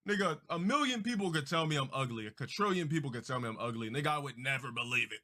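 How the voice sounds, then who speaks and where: A man's voice: mid-range voice, expressive, fast talker, bright, forceful tone. A man livestreaming, making grandiose and self-important proclamations in a theatrical way.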